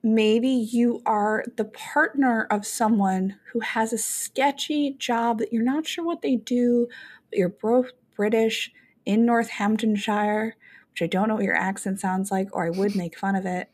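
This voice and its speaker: Animated, swearing woman podcast host. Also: a little high, measured pace. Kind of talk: casual chat.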